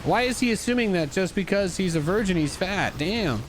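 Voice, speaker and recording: A man's voice: sits high, lively intonation, normal speed, slight background noise. A young man giving casual, joking commentary on an esports replay as a streamer. He swings between hype and dry asides. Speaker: streamer and caster.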